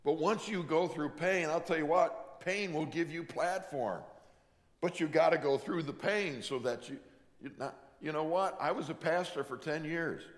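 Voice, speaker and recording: A man's voice: fairly high pitch, moderate pace. A middle-aged male pastor preaching a sermon in a church, telling stories in a conversational way and acting out the voices of the people in them. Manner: conversational storytelling, acts out quoted voices. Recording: long hall reverb.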